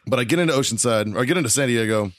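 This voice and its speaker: A man's voice: mid-range voice, animated, rapid-fire, a bit bright, dry recording. A man hosting a podcast in a studio, telling a long, profane, rambling story with frequent laughs. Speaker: podcast host.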